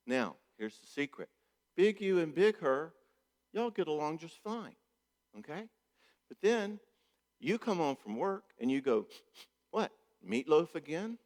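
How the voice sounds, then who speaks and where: A man gives a joking, conversational conference talk as a marriage therapist, often checking in with the audience. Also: medium pitch. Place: church hall. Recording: echoey church hall.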